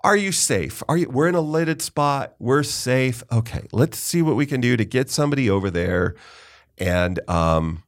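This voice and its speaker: A middle-aged man hosts a casual podcast interview, his voice sitting at an ordinary middle pitch. He tells stories at length, wandering, interrupting himself and backing up to fix details. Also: animated, moderate pace. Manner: rambling storyteller, self-interrupting. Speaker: podcast host.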